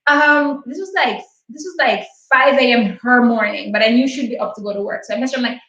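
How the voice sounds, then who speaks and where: A woman's voice: a little high, fairly quick, a bit bright. A woman in her late twenties hosting a livestream, telling a personal story in a candid, heartfelt, chatty way. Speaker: livestream host. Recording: echoey, distant and muffled.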